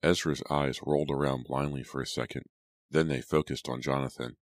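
Very deep-voiced man reading a story. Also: fairly even intonation, a little fast, no room sound. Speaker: audiobook narrator. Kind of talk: scripted dramatic narration.

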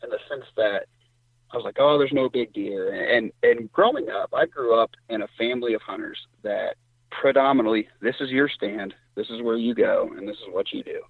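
A middle-aged Indiana man, a guest hunter, spins a hunting yarn in lively, meandering casual talk, and his voice jumps up high each time he quotes someone. He sounds slightly husky, speaks at a normal pace, and the audio is dry and tinny like a phone call, with no room sound.

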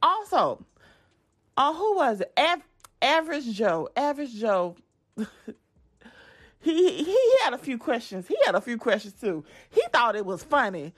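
A young woman hosts her podcast in a loose, chatty way, speaking straight to her listeners. Her voice sits fairly high and swoops widely as she talks. She restarts sentences often and rambles from point to point. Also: a little slow, long pauses. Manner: chatty and animated, addresses listeners directly, frequent restarts. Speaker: podcast host. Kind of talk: casual chat.

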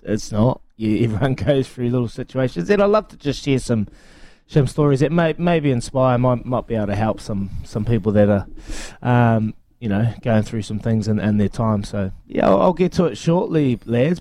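A young man, co-hosting a radio show, talking earnestly in halting, self-repeating phrases. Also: mid-range voice, mellow, dry recording. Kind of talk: casual chat.

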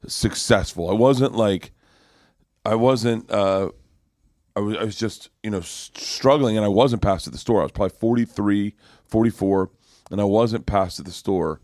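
A middle-aged male comedian tells a story in loose, animated chat, tripping over restarts and swearing freely. His voice sits a little low, and it is recorded close and dry with no room sound. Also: normal speed, no echo. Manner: rambling, profane, animated storyteller with many restarts. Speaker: comedian guest.

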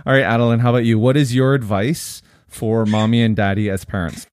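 A man co-hosting a casual family chat, easygoing and quick to laugh. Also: medium pitch, flat delivery, a little mellow. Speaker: podcast co-host and father.

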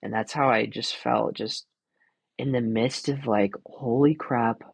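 A man's voice: medium pitch, steady tone, a little slow, creaky, breathy edge, no room sound, low-quality recording. A man in his twenties telling a personal faith story in a casual, earnest, rambling way, full of fillers and little laughs. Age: 20s. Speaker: podcast host.

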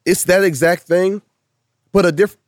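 A man's voice: sits high, steady tone, measured pace, no echo, studio quality. A man who works as a minister and speaker, talking emphatically in a casual conversation and building long repeated lists like a preacher.

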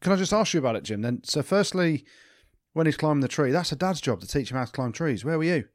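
A man's voice: a little high, animated, fast talker, no room sound, clean studio sound. A man co-hosting a podcast, teasing his friend in casual chat and laughing often. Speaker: podcast co-host.

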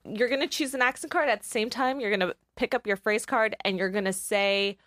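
A woman's voice: medium pitch, a little fast, a bit bright, no echo, clean studio sound. A woman co-hosting a casual chat show, patiently explaining a party game. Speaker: podcast co-host.

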